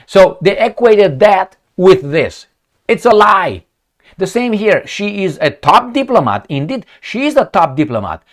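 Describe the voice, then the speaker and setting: Mocking, animated male commentator. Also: on the high side. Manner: sarcastic, mocking, emphatic. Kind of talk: profane political commentary.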